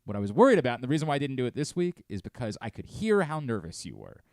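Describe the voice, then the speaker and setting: A man's voice: medium pitch, racing, dry recording. A man hosting a radio show in casual studio chat, talking in a rambling way and interrupting himself. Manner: animated, rambling, self-interrupting. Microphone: studio mic.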